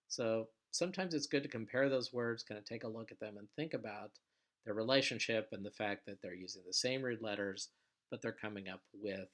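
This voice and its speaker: A man teaching biblical Hebrew vocabulary in a recorded lecture, patient and explanatory, with frequent filler sounds and phrases that trail off quietly. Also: on the low side.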